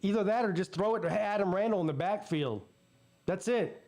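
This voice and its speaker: A man's voice: sits high, fairly quick, darkish tone. A man hosting a live football watch party, giving blunt, profane play-by-play between fired-up rants. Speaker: sports channel host.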